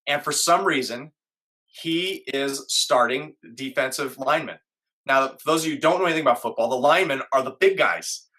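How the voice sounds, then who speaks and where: Bright-voiced man telling a hard story. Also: mid-range voice, moderate pace. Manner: earnest, acts out his own inner voice. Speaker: guest. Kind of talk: emotional storytelling in an interview.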